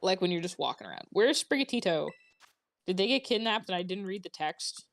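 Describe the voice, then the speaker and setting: Woman co-host on a game stream; bright chatter, sing-song pitch, reads chat. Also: very animated, brisk. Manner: chatty, laughs often, reads chat aloud. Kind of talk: casual gaming stream chat.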